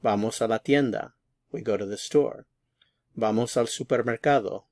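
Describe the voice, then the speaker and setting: A man teaching a language lesson at a board, explaining each form patiently and repeating words slowly. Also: mid-range voice, a little mellow, dry recording, studio quality. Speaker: Spanish teacher.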